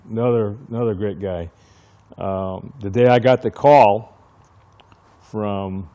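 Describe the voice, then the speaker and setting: A low, mellow-voiced older man reminisces in an oral history interview. He's a retired fire chief who tells his career stories at an easy pace. He acts out the old conversations as he recalls them. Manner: reminiscing storyteller who acts out remembered dialogue.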